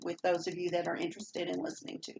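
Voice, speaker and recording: A woman's voice: fairly low pitch, completely flat delivery, fast talker, vocal fry, darkish tone, a little hiss or hum. A woman from Maine with a slight Southern twang, chatting casually as a vlogger and rambling with fillers and restarts. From born in Maine, raised partly in Rhode Island. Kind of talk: casual chat.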